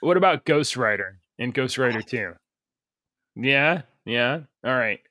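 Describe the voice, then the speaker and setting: A man's voice: mid-range voice, expressive, a little slow, pushed and bright, no echo, studio quality. A man co-hosting a podcast, chatting casually and setting up clips with playful teasing. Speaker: podcast co-host. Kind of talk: casual chat.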